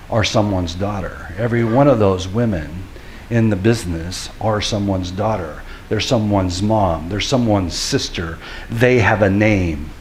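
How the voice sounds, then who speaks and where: A middle-aged man, a pastor, giving a sermon in an earnest storytelling way that builds to forceful preaching. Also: lowish voice, a little hiss or hum.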